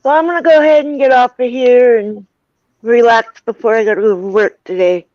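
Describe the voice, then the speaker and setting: A woman's voice: on the high side, steady tone, normal speed, darkish tone, no echo, lo-fi sound. A woman guest on a livestream, easygoing and giving brief replies. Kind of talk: casual chat.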